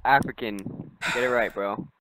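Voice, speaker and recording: A man's voice: lowish voice, steady tone, unhurried. Brash swearing man on voice chat. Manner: brash, argumentative, swears a lot. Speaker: online game teammate. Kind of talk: in-game voice chat. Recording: noisy game voice chat.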